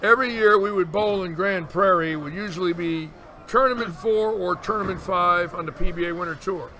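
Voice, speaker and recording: A man's voice: sits high, brisk. A man in his sixties, a bowling commentator, telling long stories in casual chat and acting out the quotes. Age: 60s. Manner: animated storyteller, acts out quotes. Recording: noticeable background noise.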